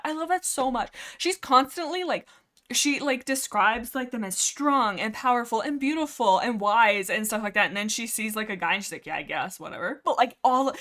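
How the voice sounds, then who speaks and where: Woman, livestream host, rambling excitable chatter, lots of fillers, headset mic. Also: on the high side. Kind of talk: casual book discussion livestream.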